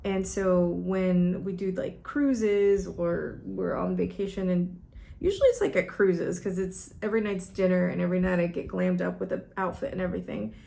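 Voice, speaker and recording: Chatty, teary woman with a slight rasp. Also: lowish voice, fairly even intonation, moderate pace, mellow. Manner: chatty and emotional, rambling with many fillers. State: teary, close to crying. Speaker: beauty vlogger. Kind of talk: casual get-ready-with-me chat. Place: at home, doing her makeup.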